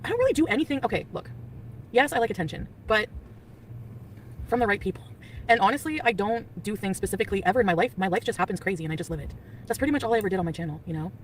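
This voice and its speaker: A woman's voice: mid-range voice, lively intonation, very fast, far from the mic, slight background noise. Rambling giggly woman, off-mic livestream. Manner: rambling, giggly, jumps between topics. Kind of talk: chatty livestream talk reading chat. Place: on the go, partly in a store.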